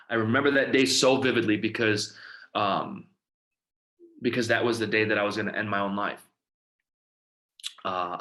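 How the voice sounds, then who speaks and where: A man speaks in a fairly low, bright and forceful voice. He tells a personal testimony haltingly, leaning on fillers and letting his words drop quiet at the ends of phrases. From Detroit, Michigan. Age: 30s. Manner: halting storytelling, many fillers, often trailing quiet. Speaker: recovery outreach speaker.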